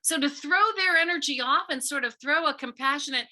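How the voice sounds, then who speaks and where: Middle-aged woman, author visiting a school, high bright voice, earnest storytelling talk to kids. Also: brisk. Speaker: visiting author speaking to students.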